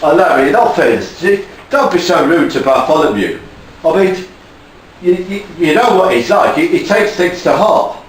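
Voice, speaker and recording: A man playing a hesitant, stammering presenter who tries to calm others, recorded from far off in an echoey room. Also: fairly high pitch, normal speed, a little hiss or hum, voice pushed down, lightly acted. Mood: placating.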